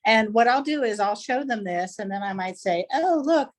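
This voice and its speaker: A woman art teacher talking casually over a video call, often stopping to search for words. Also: medium pitch. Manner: halting, searches for words with many fillers. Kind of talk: casual chat.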